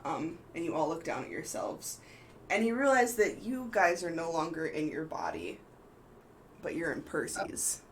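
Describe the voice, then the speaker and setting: A woman's voice: sits low, sing-song, normal speed, background noise. A woman narrating as game master of a tabletop game, hesitant and full of ums and restarts.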